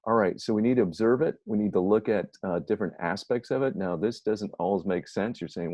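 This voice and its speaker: A man's voice: lowish voice, a little fast, few pauses, darkish tone, no echo. A middle-aged man lecturing to a class, explaining step by step and answering his own questions. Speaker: instructor. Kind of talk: recorded lecture. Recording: dull lo-fi recording.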